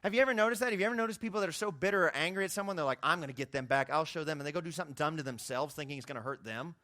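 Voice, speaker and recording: A young male youth pastor delivers a sermon in an easy, chatty way, and his voice leaps upward on key points. His tone is bright and a little higher than most men's. The recording is dry and close. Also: very fast, no echo. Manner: conversational preaching, voice climbing high for emphasis.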